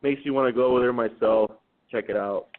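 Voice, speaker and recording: Male radio caller, rambling, hesitant, halting delivery, tinny phone line. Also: medium pitch, slight background noise. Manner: rambling, hesitant, full of fillers. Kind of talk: call-in talk radio.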